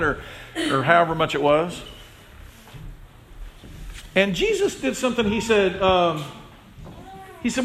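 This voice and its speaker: Very animated, with a pushed, bright voice, this pastor speaks at a moderate pace and pauses often. His sermon feels like a conversation: he names listeners directly and performs quoted voices with wide pitch swings.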